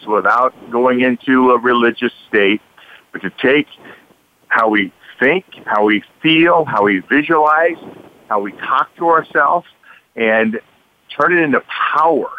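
A man in his sixties, a radio guest, speaking in a confident, motivational way. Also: mid-range voice. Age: 60s. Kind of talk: radio interview. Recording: dry phone-line sound.

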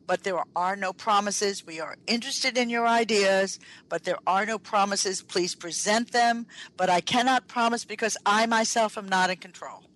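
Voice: medium pitch, a bit bright, rough recording. Emphatic trainer lecturing on the radio. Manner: emphatic, repeats key phrases and speaks directly to listeners. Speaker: workplace improvement trainer on a radio talk show. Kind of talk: lecture-style radio talk.

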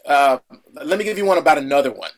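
A middle-aged man talks loosely in an interview, circling back with fillers and restarts. He tells stories from his acting work and sometimes breaks into a loud impression of a director. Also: fairly high pitch, lively intonation, fast. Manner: rambling, many restarts, acts out a shouting director. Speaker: actor guest. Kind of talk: casual interview anecdote.

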